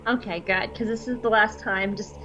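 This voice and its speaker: A woman's voice: mid-range voice, steady tone, normal speed, over music. A woman co-hosting a podcast in casual chat, giggly and playful, teasing her co-host. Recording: dull lo-fi sound.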